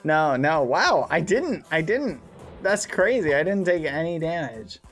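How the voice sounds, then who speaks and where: Excitable male streamer, casual chat over gameplay, lively pitch. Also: unhurried, soft background music. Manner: excitable, yelps up high when startled. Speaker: streamer playing a survival game.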